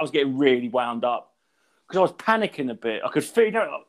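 A man telling a rambling, animated anecdote in casual podcast chat, swearing freely. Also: mid-range voice, brisk. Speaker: podcast co-host.

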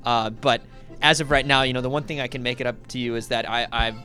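An actor playing a sleazy, blustering middle-aged husband who stammers, rambles and swears in a comedy audio sketch. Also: male voice, medium pitch, steady tone, fast, bright, forceful tone, faint music behind, natural voice. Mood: scheming.

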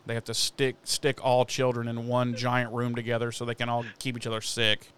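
This podcast co-host has a smooth mid-range voice and talks a little fast. Cursing freely, he gives a loose, animated rundown of a TV episode and performs the characters' dialogue himself.

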